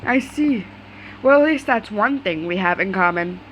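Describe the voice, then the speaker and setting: A bright, confident young prince who smiles through every threat, as a woman reads his lines aloud. He gives orders with ease, in a plain read-aloud story voice. The pitch sits right in the middle. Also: expressive, moderate pace, a little hiss or hum, natural voice, rough recording. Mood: cheerful. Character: young cheerful commanding male prince.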